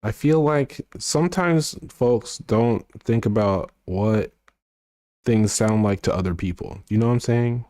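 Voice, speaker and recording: A male streamer talks loosely to his chat, rambling and trailing off now and then. His voice sits low and mellow. The sound is dry and close, with no room around it. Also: a little slow, no room sound. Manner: rambling, mumbles to himself, trails off.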